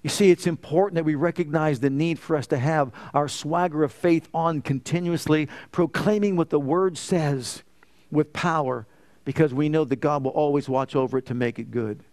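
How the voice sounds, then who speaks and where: A man preaching a sermon, swinging from soft, hushed retellings to fervent, emphatic declarations. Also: a little high, normal speed.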